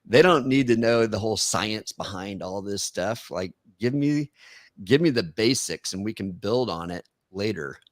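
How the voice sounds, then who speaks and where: Male host with a lowish voice, reflective and conversational, dry close sound. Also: moderate pace, few pauses, no echo. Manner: reflective, conversational, thinks aloud. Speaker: podcast host. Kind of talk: casual interview chat.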